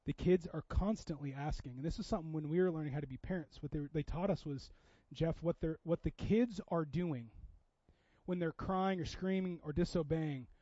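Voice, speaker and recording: A man in his thirties from Seattle, preaching a conversational sermon as a pastor, with frequent restarts and swings between loud emphasis and hushed asides. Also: on the high side, moderate pace, no echo, highs cut off.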